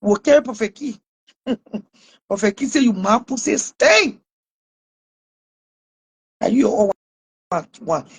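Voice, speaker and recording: Liberian woman, high voice, mocking vlog rant with scornful laughs. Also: animated, slow, pauses often, husky. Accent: Liberian English. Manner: mocking, scolding, with frequent laughs. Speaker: online commentator. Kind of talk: taunting live rant.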